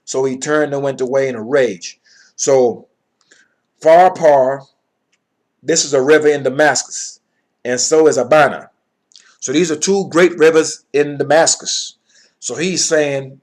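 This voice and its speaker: A man's voice: medium pitch, measured pace, pauses often. A man teaching from the Bible, reading verses aloud and then explaining them in plain words, often checking in with his listeners.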